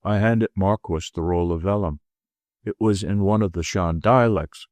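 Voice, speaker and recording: A lowish male voice carries a first-person classic detective narrative at a steady, even pace. He's an audiobook narrator, recorded dry and near the microphone with no reverberation in the room.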